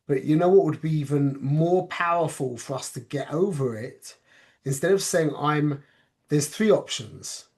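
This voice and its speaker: A man's voice: on the high side, normal speed, a little mellow. A man teaching an informal spoken class on a religious topic. He talks conversationally, keeps checking in with "yeah?", and mixes Hebrew and Yiddish terms into his English.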